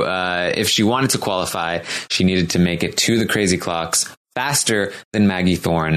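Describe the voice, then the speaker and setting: A man co-hosting a casual podcast chat, rambling with frequent ums and restarts and slowing down to announce each competitor. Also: fairly low pitch, a bit bright. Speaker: podcast co-host recapping episodes.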